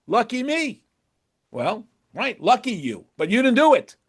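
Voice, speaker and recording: A man's voice: high-pitched, sing-song, moderate pace, husky. A man teaching a religious text to a class, acting out imagined dialogues and repeating words for emphasis. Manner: acts out imagined dialogues with shifting voices. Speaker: Torah teacher. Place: classroom with a board.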